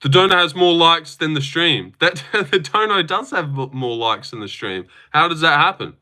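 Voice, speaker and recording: A man's voice: a little high, lively intonation, moderate pace, bright, forceful tone. A young man with an Australian accent hosting a casual livestream, joking, swearing freely and reading chat aloud. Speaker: streamer host.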